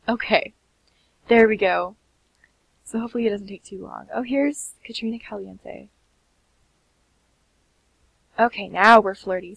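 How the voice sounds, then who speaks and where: A young woman giving sleepy, chatty commentary on a life-sim game, often slipping into soft half-whispers. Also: medium pitch, gravelly, husky, no room sound, rough recording. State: sleepy, keeps yawning. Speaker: gaming channel host. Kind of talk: casual gameplay commentary.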